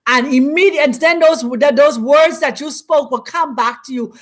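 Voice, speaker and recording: High-voiced woman preaching with emphasis. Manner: preacherly, repetitive, emphatic, drawn-out phrases. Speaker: host. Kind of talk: spiritual teaching talk.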